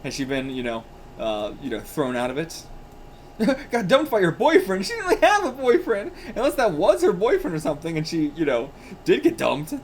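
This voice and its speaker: A man's voice: fairly high pitch, huge pitch swings, normal speed, a little hiss or hum. Chatty man reacting to manga. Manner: chatty, laughs often, fillers like "you know". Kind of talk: casual reaction commentary.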